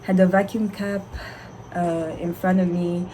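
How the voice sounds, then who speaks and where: A young woman, a doctor, telling a candid, animated story to her vlog viewers with frequent laughter. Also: fairly low pitch, unhurried, noisy background. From Zambia.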